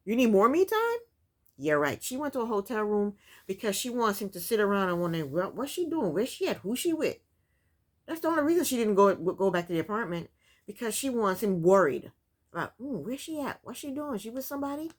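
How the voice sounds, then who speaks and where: A woman giving a blunt, sassy, exasperated casual recap of a TV show. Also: mid-range voice. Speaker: reality TV recap YouTuber. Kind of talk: casual commentary.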